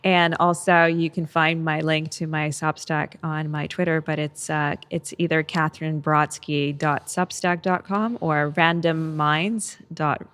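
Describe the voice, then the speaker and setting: Female writer guest, very low pitch, chatty, hesitant, laughs a lot. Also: steady tone, a little slow, hardly any pauses, fairly bright tone, clear, resonant tone. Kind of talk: casual interview chat.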